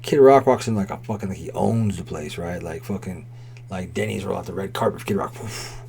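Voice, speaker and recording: A man's voice: low voice, brisk, gravelly, dark tone. A man in his forties telling a rambling, profanity-laden story in a casual way, with constant "right?" and "like". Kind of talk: casual spoken anecdote.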